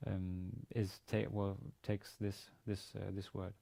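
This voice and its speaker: Low, creaky, and dark-toned, this man's voice stays flat as he takes things slowly. As a university lecturer teaching Biblical Hebrew, he methodically reads sentences aloud in Hebrew, translates them, and explains the grammar step by step.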